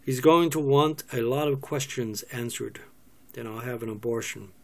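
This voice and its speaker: Brash, fiery pregnant woman, read by a man, gravelly and blunt. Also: medium pitch, moderate pace, natural voice. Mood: earnest. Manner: sharp-tongued, blunt.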